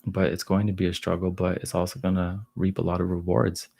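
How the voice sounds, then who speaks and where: A man's voice: low-pitched, brisk, gravelly. A man in his thirties hosting a casual livestream and answering viewer questions, talking loosely with plenty of "like" and "you know". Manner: loose, relaxed talk full of "like" and "you know".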